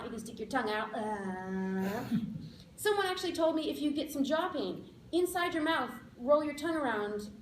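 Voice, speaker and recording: Upbeat high-voiced woman in an echoey room. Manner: upbeat, playful and instructive, with emphatic slowed-down advice. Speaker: public speaker. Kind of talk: motivational club speech. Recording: echoey room, faint background noise.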